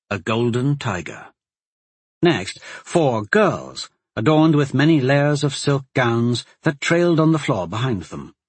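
A man narrating a fantasy story in a steady, even storytelling manner. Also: mid-range voice, husky, no room sound.

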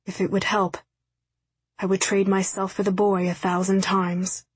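A woman's voice: mid-range voice, level tone, a little slow, slightly rough, no echo. A woman voicing a grave, formal male warrior. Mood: solemn. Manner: solemn, old-fashioned, quiet speech.

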